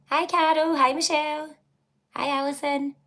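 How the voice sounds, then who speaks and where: A Scottish livestream host chats and gossips casually, reading comments, greeting viewers by name, and laughing often. Her high voice keeps a level tone, a bit bright, at normal speed.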